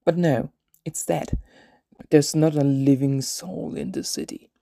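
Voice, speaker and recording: A man narrating an absurd comedic story in a deadpan way, voicing every character himself. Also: fairly high pitch, unhurried, vocal fry, no room sound, studio quality.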